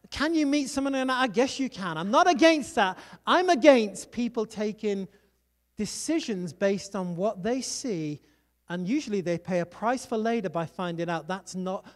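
A preacher delivering a sermon, telling personal stories and urging listeners on with quick asides. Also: medium pitch. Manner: exhorting, storytelling, quick asides.

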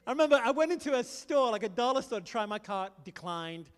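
A middle-aged man preaching a sermon, telling a story with animated energy and rallying his listeners. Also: extremely high pitch, moderate pace, long pauses, clear, resonant tone. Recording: long hall reverb.

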